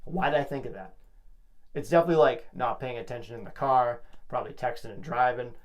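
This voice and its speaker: A man's voice: mid-range voice, fast. A young man hosting his own podcast alone, rambling and joking as he hypes himself up. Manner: rambling, jokey, self-hyping. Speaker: podcast host. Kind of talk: casual solo podcast monologue.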